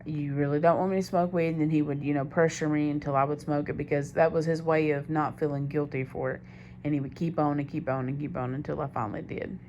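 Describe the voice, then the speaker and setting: A woman's voice: sits low, flat delivery, quick pace, darkish tone, lo-fi sound, a little hiss or hum. A young woman recounting a personal story in a candid, rambling confessional monologue, often doubling back on herself. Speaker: diary vlogger.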